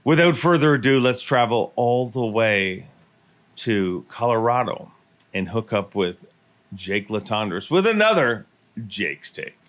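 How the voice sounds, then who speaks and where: A man's voice: medium pitch, big pitch swings, a little slow, a bit bright. A man hosting a casual podcast chat, joking and rambling with lots of restarts. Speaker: podcast host and tournament emcee.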